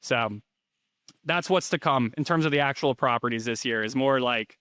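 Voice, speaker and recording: Guest in his 30s; casual, rambling talker; smooth tone, dry close recording. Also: medium pitch, normal speed, fairly bright tone, dry recording. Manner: rambling, filler-heavy, restarts often. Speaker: interview guest, rental investor. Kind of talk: casual interview chat.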